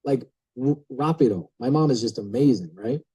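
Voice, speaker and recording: A man telling an animated story to a group, casual and full of filler words, acting out the people in it. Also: mid-range voice, normal speed, husky, no room sound, low-quality recording. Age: adult. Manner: lively, acts out quoted voices, casual filler words. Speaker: speaker telling a real estate story to a group.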